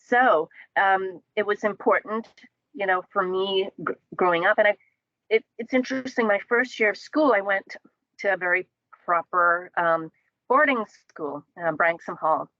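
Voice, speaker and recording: A woman's voice: medium pitch, normal speed, bright, forceful tone, no room sound, dull audio. A woman from the Caribbean talking in a casual panel discussion, thoughtful and full of fillers and restarts.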